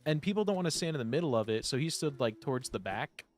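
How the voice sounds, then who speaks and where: With soft music behind him, a young game streamer tells rambling, profane stories peppered with "like." His mid-range voice has lively intonation and a quick pace.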